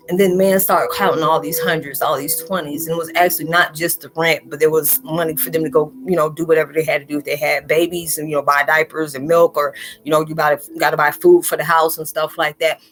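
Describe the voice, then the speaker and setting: A woman vlogger speaks straight to her viewers in a heartfelt, rambling way, drifting from thought to thought. She slips into the voices of the people she quotes. Faint music plays softly behind her. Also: deep voice, fairly even intonation, fast talker, few pauses. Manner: earnest, rambling, emotional, acts out quoted people. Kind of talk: heartfelt monologue to camera.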